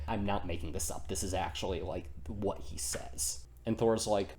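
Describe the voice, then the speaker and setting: A man's voice: on the low side, fairly even intonation, moderate pace, few pauses, darkish tone. A man casually retelling a myth as a comedy, goofy and rambling, interrupting himself often. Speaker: storyteller, channel host.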